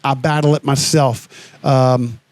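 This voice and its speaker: A man's voice: mid-range voice, steady tone, measured pace, no echo. A man co-hosting a radio show in casual chat, earnest and rambling, with frequent restarts and the odd blunt swear word. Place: Florida radio studio.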